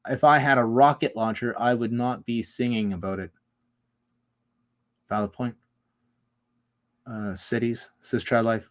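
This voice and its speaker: A man hosting a casual livestream, reading out chat comments and riffing on them in a rambling, profane way. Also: medium pitch.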